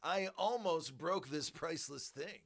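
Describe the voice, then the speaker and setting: A man hosting a collectibles channel, telling a story in a joking, animated way and acting out the voices. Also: fairly high pitch, unhurried. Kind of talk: casual storytelling.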